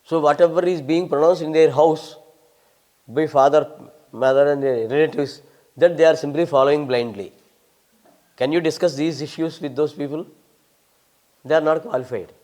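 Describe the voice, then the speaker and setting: A man's voice: fairly high pitch, steady tone, normal speed, long pauses, a little mellow. An older man from India with an Indian English accent, a scholar answering audience questions in an emphatic, lecturing way with wry humour. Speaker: visiting Sanskrit scholar.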